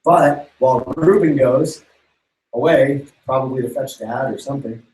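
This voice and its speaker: A man's voice: mid-range voice, normal speed, darkish tone, reverberant, recorded from a distance, poor audio. A man preaching to young people in a casual, slangy way, retelling a story and acting out its characters. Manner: slangy, playful, acts out characters' voices. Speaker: youth pastor.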